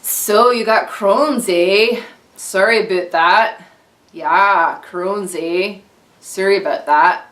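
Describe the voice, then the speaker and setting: A woman voicing a polite Canadian who apologizes slowly and adds "eh". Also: medium pitch, a bit bright, roomy sound. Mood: apologetic. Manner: slow, apologetic, ending on "eh".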